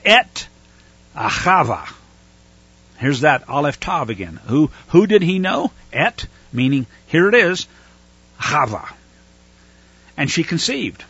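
A man teaches scripture verse by verse, stopping often with fillers to unpack Hebrew words. His voice is on the high side, bright and a little husky. The recording sounds dull and lo-fi. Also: no echo. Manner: explains Hebrew words, thinks aloud with fillers. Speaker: Bible teacher.

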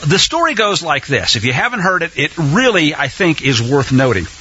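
A man's voice: fairly high pitch, very animated, normal speed, pushed and bright, slight background noise. Enthusiastic man on lo-fi radio. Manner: rambling, enthusiastic, with many fillers and restarts. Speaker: radio host. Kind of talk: religious radio talk. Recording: dull lo-fi radio sound.

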